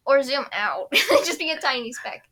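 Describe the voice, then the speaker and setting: A woman's voice: high-pitched, very animated, measured pace, sharp tone. A young woman casually recapping a cartoon episode, giggling often and briefly mimicking the characters.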